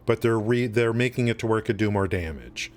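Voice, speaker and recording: Here a streamer with a lowish voice speaks slightly quickly, casually chatting to his audience as he plays. He rambles, restarting sentences and leaning on fillers throughout.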